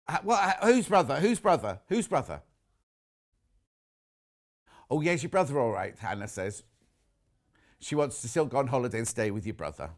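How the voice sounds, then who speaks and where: British male shopping-channel host, slightly high voice, chatty and informal, reads viewer messages. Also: lively intonation, moderate pace. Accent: British English. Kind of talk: live TV sales chat.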